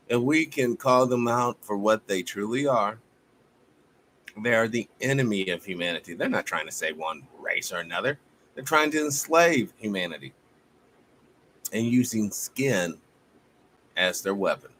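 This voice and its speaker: Man, live-stream host, bright edgy tone, heated preacher-style rant, cursing, faint background hiss. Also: lowish voice, normal speed. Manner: fiery, profane, preacher-like exhortation. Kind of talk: impassioned live-stream monologue.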